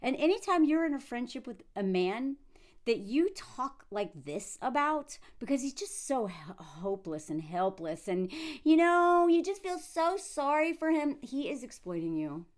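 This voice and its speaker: Young adult woman, high voice, lively swooping delivery, blunt casual commentary. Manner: blunt, animated, quick asides. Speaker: commentary vlogger.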